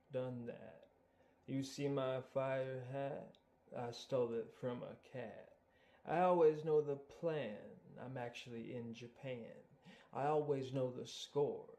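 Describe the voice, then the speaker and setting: Man doing a smug bear, low quiet mutter, deadpan brags. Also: close to an everyday voice. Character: smug bragging male bear, absurd and deadpan. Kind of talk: rap song.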